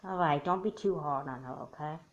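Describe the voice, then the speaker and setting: A woman voices a gentle mother in a doll movie, with a lower pitch than her usual voice. She speaks softly and reassures her daughter. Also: fairly quick, highs cut off, close to an everyday voice. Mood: soothing. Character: soothing mother of a girl.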